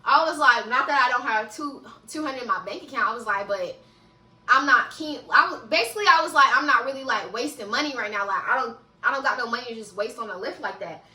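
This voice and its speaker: A young woman telling a casual story-time vlog, animated and laughing often, with frequent swearing, recorded in an echoey room a little away from the mic. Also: fairly high pitch, quick pace, distant mic. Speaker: vlogger.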